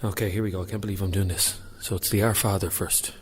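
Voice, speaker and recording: A man phoning into a radio show from a quiet church, casual, hesitant and self-mocking, fumbling for his words. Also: sits low, level tone, fast talker, husky. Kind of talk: casual phone report.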